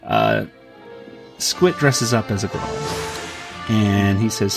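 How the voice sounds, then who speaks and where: A man's voice: on the low side, very animated, measured pace, vocal fry, over music. Chatty man recapping a comic. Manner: acts out character quotes in raised voices, frequent fillers. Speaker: podcast co-host. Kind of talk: casual chat recapping a comic.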